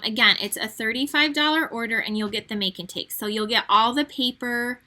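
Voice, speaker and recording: A woman hosting a live online card-making class over a webcam, talking in a relaxed, chatty way full of fillers. Her voice is bright and clear and sits a little high. She sounds like she is at home in her craft room.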